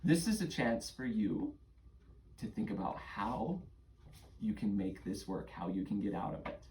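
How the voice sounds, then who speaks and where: A father running a tabletop game for his kids as game master, patient and gently coaxing. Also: lowish voice, expressive, measured pace, slight background noise.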